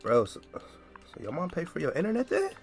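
A man's voice: on the high side, wildly swooping pitch, moderate pace, soft background music. A young man giving casual gameplay commentary, incredulous and repeating himself with frequent stammers. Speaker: gaming video creator.

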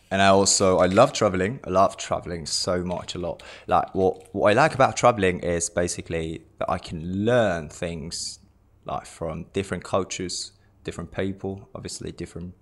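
A man's voice: low voice, a bit bright. A man in his twenties from Japan, a native Japanese speaker with a British-tinged English accent, chatting loosely about himself with repeated words and jokey asides. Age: 20s. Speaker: lifestylist introducing himself. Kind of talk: casual self-introduction talk.

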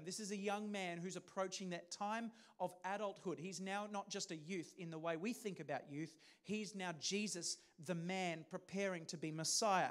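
A man's voice: sits high, fairly bright tone. A man preaching a sermon as pastor, talking in a conversational way and putting questions to the congregation.

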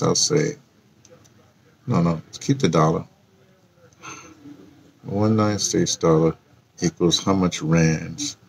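Low gravelly man rambling casually. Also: a little hiss or hum. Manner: meandering, with many fillers and restarts. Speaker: vlogger.

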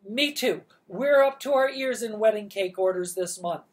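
A woman's voice: huge pitch swings, drawn-out words, dark tone, exaggerated voice. A woman voicing an anxious, flustered middle-aged mother who speaks in a nervous, fluttery way. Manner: nervous and hesitant, high and fluttery.

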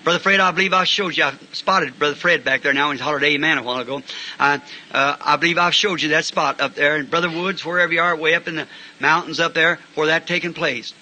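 A man preaching a sermon, telling folksy stories and breaking into shouts of praise. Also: fairly high pitch, fast, a little hiss or hum, rough recording. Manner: folksy, animated, bursts into shouting. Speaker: pastor. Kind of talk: sermon with storytelling.

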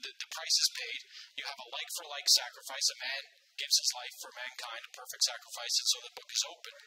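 Fervent preacher man, gravelly voice. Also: extremely high pitch, wildly swooping pitch, fairly quick, bright, forceful tone, slight background noise, poor audio. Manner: fervent, repeats phrases for emphasis; calls out "amen" and asks "right?". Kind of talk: sermon.

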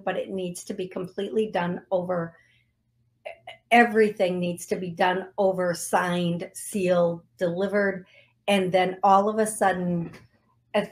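A middle-aged woman hosting a psychic call-in show, giving readings and leading a guided healing in an emotional, affirming way. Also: mid-range voice. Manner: slow, emotional, affirming, repetitive phrasing. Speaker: psychic medium radio host.

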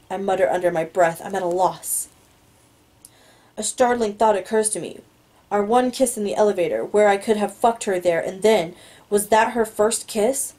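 Woman, audiobook reader, first-person narration, musing, mellow voice. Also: mid-range voice, normal speed, rough recording.

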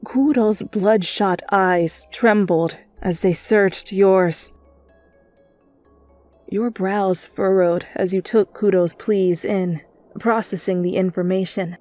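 A woman reading fanfiction aloud as a whispered role-play, telling the story softly over faint music. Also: medium pitch, fairly even intonation, no echo. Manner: soft, slow storytelling. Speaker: fanfiction reader.

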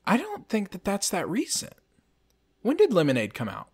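A man's voice: high-pitched, wildly swooping pitch, moderate pace, breathy edge. A man co-hosting a podcast, chatting casually in a rambling, jokey way. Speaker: podcast co-host. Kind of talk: casual chat.

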